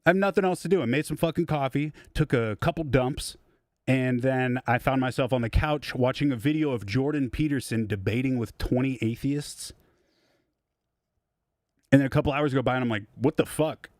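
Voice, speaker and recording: A man's voice: medium pitch, normal speed, a little mellow, no room sound. A young man streaming live from his home studio as a music producer, chatting casually in a rambling, profane, self-deprecating way.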